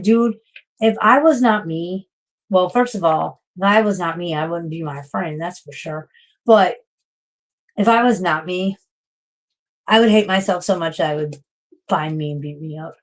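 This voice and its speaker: A woman's voice: fairly low pitch, moderate pace. A woman livestreaming casual chat, talking frankly in a rambling way and swearing often.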